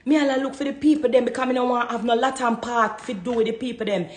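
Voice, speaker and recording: A woman's voice: on the high side, fairly even intonation, fast talker, reverberant. A woman with a Jamaican Patois accent, ranting to camera as a vlogger, fiery and defiant, hammering her points with repetition. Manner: fiery, defiant, repeats herself for emphasis. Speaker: social media vlogger. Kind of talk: heated rant to camera.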